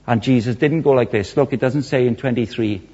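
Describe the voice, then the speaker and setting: Male preacher, husky, storytelling with big acted swings; muffled lo-fi sermon recording. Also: fairly quick. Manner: animated storytelling, acts out quotes with big swings in pitch and loudness.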